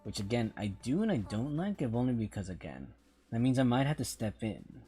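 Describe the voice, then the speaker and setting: A man's voice: medium pitch, very animated, brisk, dark tone, slightly rough, faint music behind. A man streaming a mobile game, rambling through casual commentary and often repeating himself.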